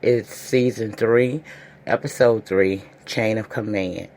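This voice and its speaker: A woman's voice: rumbling low, fairly even intonation, slow pace, a little mellow. A woman sick with a sinus infection gives a casual, folksy recap of a TV episode, talking straight to her viewers. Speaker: TV show reviewer. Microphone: audio-only podcast style recording.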